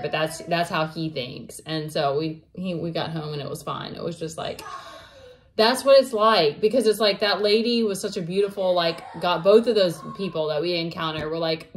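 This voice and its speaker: Woman, 30s, casual vlog storytelling, rambling, emotional, slightly low pitch. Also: a little hiss or hum. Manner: rambling, many fillers and restarts. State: emotional, near tears at times. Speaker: vlogger.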